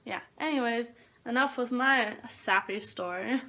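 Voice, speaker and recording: Chatty young woman vlogger, slightly high. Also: fairly even intonation, normal speed. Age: young adult. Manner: chatty, storytelling, laughs easily. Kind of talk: casual vlog chat.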